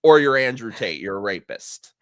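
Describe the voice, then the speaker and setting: Bright-voiced joking male guest. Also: mid-range voice, normal speed, no echo, clean studio sound. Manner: animated, joking, laughs a lot. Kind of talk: casual live-stream chat.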